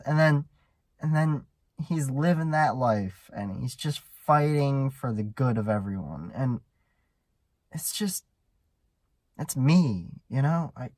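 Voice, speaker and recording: A man's voice: mid-range voice, no room sound. A man hosting a solo podcast, talking in an earnest, rambling monologue full of restarts and fillers. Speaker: podcast host.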